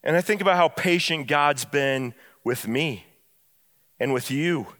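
High-voiced man preaching a sermon. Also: big-room sound. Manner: emphatic preaching, dropping soft and low on key phrases; bursts of quick storytelling between slow, stressed lines. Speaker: pastor. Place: church.

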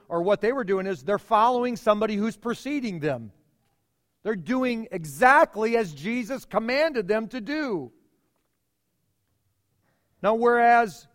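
Man, pastor, sermon, emphatic, dramatic pauses, high voice, long church reverb. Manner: emphatic preaching with dramatic pauses and repeated phrases.

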